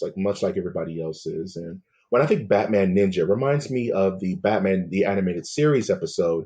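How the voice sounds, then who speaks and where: A man's voice: deep voice, warm tone, husky, highs cut off. A man hosting a podcast in loose, jokey casual chat, calling people "man" and "dude". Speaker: podcast host.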